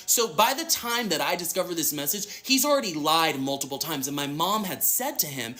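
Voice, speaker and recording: A man's voice: fairly high pitch, lively intonation, fairly quick, few pauses, bright, forceful tone. A young man from Dallas telling a long personal story in a casual, dramatic way, acting out what other people said. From Dallas, Texas. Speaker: storyteller in a played clip.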